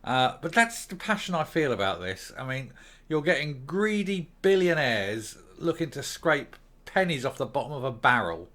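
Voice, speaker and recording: A man's voice: mid-range voice, big pitch swings, normal speed, fairly bright tone. An older man, the host of his own channel, ranting angrily to camera with swearing and emphatic outbursts. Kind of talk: opinion rant to camera.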